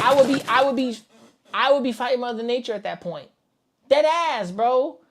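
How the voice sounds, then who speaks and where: A woman from the Bronx, reacting to a video with loud, profane outbursts. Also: fairly high pitch, normal speed, very noisy. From the Bronx, New York. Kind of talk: casual reaction commentary.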